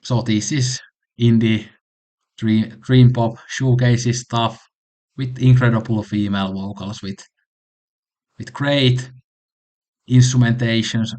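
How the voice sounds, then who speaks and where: A man's voice: medium pitch, fairly even intonation, takes it slowly, long pauses, darkish tone. A man hosting a casual music recommendation vlog, talking enthusiastically and rambling with frequent restarts. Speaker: channel host.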